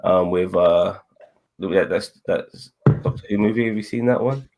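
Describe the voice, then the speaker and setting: Deep voiced guy chatting, lots of ums and uhs. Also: unhurried, a little mellow. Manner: loose, hesitant, lots of fillers. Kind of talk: casual chat.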